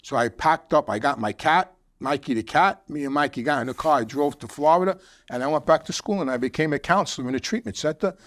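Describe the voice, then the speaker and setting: A man's voice: on the high side, fast, fairly bright tone. A man in his sixties with a New York accent, telling a rambling personal story with restarts and casual profanity. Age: 60s. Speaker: host.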